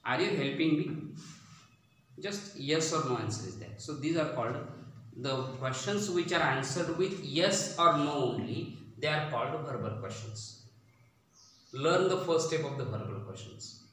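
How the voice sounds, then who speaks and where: A man's voice: on the high side, expressive, a bit bright, a little hiss or hum. Echoey male grammar teacher. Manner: slow, repetitive explaining with drawn-out words. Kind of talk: classroom-style grammar lesson. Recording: very echoey room, distant mic.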